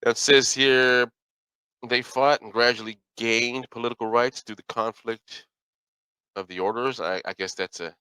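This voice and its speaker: A man's voice: medium pitch, steady tone, unhurried, bright, forceful tone, clean tone, no room sound, poor audio. A middle-aged man hosting his own podcast, talking casually in a folksy, rambling way and often correcting himself. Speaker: podcast host. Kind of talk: casual solo commentary.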